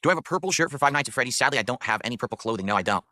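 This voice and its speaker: A man's voice: medium pitch, expressive, sharp tone, no room sound. A man streaming live, reading out viewer messages and tips and answering chat in a casual, dryly sarcastic way. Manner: fast, chatty, dryly sarcastic.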